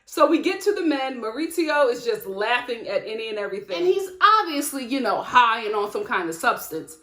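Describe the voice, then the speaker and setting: An outspoken woman talks straight to camera, recapping reality TV drama with lively sass and frequent laughter. Her voice sits slightly high. The room around her rings with noticeable echo. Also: fairly quick. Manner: animated, outspoken, laughs often. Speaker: TV reality show reviewer. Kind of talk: sassy recap commentary to camera. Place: home studio with lights. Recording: echoey room.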